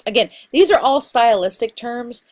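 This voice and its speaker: A woman instructor giving a casual recorded lecture on poetry terms, explaining in a relaxed, conversational way with fillers. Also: fairly high pitch, normal speed. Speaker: college literature instructor.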